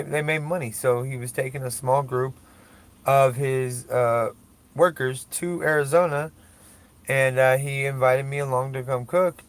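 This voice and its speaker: Gravelly rambling man. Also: mid-range voice. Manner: rambling, profane, self-mocking. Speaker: podcast host. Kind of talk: casual solo podcast rambling.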